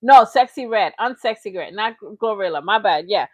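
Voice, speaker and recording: A woman's voice: mid-range voice, animated, moderate pace, few pauses, no room sound. A young adult woman hosting a casual commentary channel, mocking and rambling playfully with made-up words. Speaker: reaction channel host.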